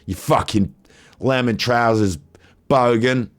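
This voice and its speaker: A man's voice: medium pitch, slow pace, natural voice. A man voicing a furious teenage girl who swears constantly as she rants at her date. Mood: furious ranting.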